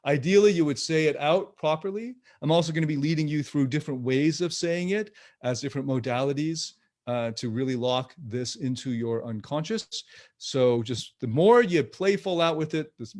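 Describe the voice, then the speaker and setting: Man coaching live, casual and chatty. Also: mid-range voice. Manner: relaxed, conversational, with fillers and self-corrections. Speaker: coach leading a livestream exercise. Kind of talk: livestream coaching talk.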